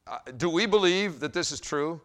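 A male pastor preaching a sermon and telling a story in an animated way, with wide swings in loudness. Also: fairly high pitch, moderate pace.

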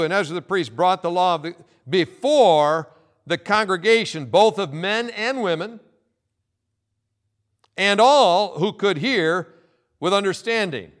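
A male pastor preaching a sermon, emphatic and insistent, repeating key phrases and pausing for effect. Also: high-pitched.

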